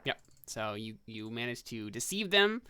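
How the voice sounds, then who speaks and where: A man running a tabletop game as game master, explaining rules in a relaxed, rambling way. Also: mid-range voice, normal speed, background noise. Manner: relaxed, filler-heavy explaining.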